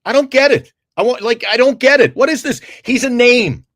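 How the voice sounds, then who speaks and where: A man hosting a sports talk show, exasperated and animated, with crude asides. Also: very high voice, a little fast, no room sound. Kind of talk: heated casual sports talk.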